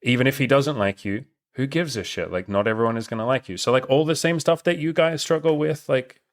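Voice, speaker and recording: A man hosting a casual chat as a dating coach, talking fast with a lot of emphatic swearing. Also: mid-range voice. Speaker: podcast host and dating coach.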